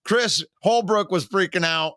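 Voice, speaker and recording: Excitable man in bright, dry sports talk. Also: sits high, measured pace, dry recording. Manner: emotional, rambling with many restarts. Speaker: sports show co-host.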